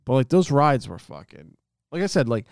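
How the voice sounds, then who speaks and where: A man's voice: mid-range voice, moderate pace, vocal fry, clean tone, no echo, studio quality. A young man, telling a rambling, swear-filled story on a casual podcast. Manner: rambling storyteller, heavy swearing, animated impressions. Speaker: podcast co-host. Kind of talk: casual chat.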